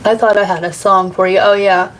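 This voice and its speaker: A woman's voice: medium pitch, level tone, fairly quick, a little hiss or hum, low-quality recording. An American woman hosting a casual card-reading livestream, rambling, laughing often and swearing now and then as she answers chat. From United States. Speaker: tarot reader and livestream host.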